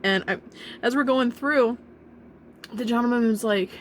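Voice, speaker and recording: A young woman telling a painful personal story in a halting, emotional way, with nervous laughs and restarts. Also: on the high side, a little hiss or hum. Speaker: vlogger telling her own story.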